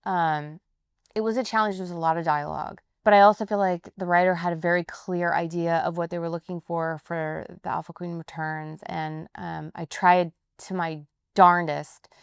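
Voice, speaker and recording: Chatty woman with a smooth voice. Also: on the low side, normal speed, no room sound, studio quality. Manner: animated, chatty, laughs easily. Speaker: actress, interview guest. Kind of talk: casual interview chat.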